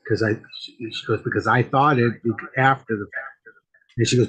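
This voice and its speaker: A man's voice: mid-range voice, fairly even intonation, moderate pace, fairly bright tone, breathy edge, rough recording. A man, a guest medium, talking casually on a podcast from a home studio with a green screen, telling stories and often repeating words. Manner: rambling storyteller, repeats words.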